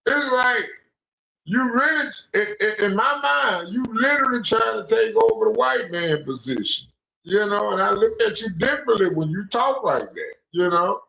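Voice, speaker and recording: Animated young man ranting in an echoey room. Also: high voice, normal speed, gravelly. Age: young adult. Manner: loose, profane, preachy rants. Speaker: stream host. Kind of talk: casual call-in stream chat. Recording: echoey, dull lo-fi room sound.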